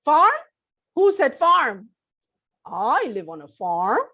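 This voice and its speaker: A playful farm pig, voiced by a woman, squeals its oinks up high and pleads eagerly to join in. The voice leaps around like a children's puppet show. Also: wildly swooping pitch, slow pace, sharp tone, exaggerated voice.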